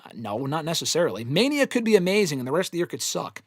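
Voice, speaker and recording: A man's voice: on the high side, sing-song, quick pace, dry recording, studio quality. A man hosting a live fan Q&A, talking bluntly with plenty of swearing and rambling opinions. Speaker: host answering fan questions. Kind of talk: live casual Q&A stream.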